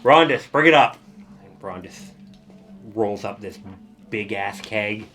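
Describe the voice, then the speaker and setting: A man narrating as game master of a tabletop game, talking loosely and filling pauses with ums and kind-ofs. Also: lowish voice, lively intonation, fairly bright tone, soft background music. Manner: loose, rambling narration with fillers.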